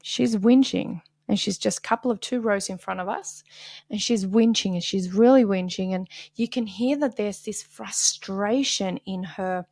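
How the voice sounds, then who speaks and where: Woman host, heartfelt solo podcast talk, raspy fry, mid pitch, dips into whispers. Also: normal speed, no echo. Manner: earnest, confessional, dips to soft whispers. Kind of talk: candid solo podcast monologue.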